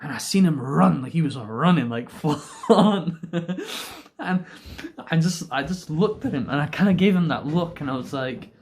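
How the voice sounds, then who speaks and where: A man's voice: on the high side, a little mellow. A young man casually telling stories to camera, rambling, giggling often and swearing freely. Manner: rambling and giggly, laughs through his own stories. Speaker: vlogger.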